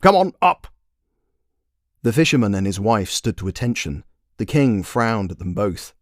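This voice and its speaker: A man's voice: lowish voice, normal speed, dry recording, clean studio sound. A man narrating a fairy tale he wrote, in a wry, playful storytelling manner. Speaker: storyteller and author.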